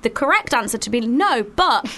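Woman radio host, high animated voice, bright tone, chatty and giggly. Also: normal speed. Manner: bubbly, laughs often. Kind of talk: casual studio chat. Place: radio studio.

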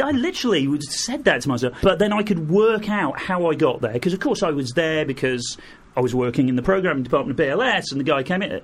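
A middle-aged man, a guest, telling lively anecdotes and acting out the people in them. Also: fairly high pitch, quick pace, husky. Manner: animated anecdotes, acts out quoted voices, laughs through. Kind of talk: storytelling in an interview.

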